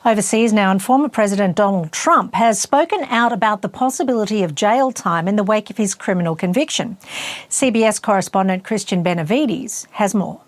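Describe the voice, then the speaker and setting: A woman's voice: medium pitch, animated, no echo. Australian woman reading the news. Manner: measured, formal delivery. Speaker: news presenter. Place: studio.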